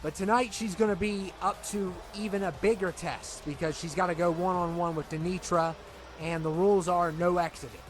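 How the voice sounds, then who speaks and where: High-voiced man rambling through game commentary. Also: moderate pace, background noise. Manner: rambling, excitable.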